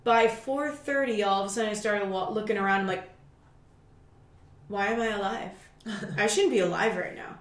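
A woman co-host telling a lively story in casual chat, cursing freely and acting out what people said. Her voice sits in the middle range. The room adds a noticeable echo. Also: medium pitch, moderate pace, long pauses. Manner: lively storyteller, swears, acts out quotes. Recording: echoey room.

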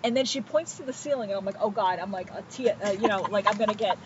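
A woman's voice: medium pitch, quick pace. A woman co-hosting a podcast, telling a story with lots of acted-out quotes and casual swearing. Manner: animated storyteller, acts out quotes, swears freely. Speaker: podcast co-host. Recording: dull lo-fi podcast audio with faint noise.

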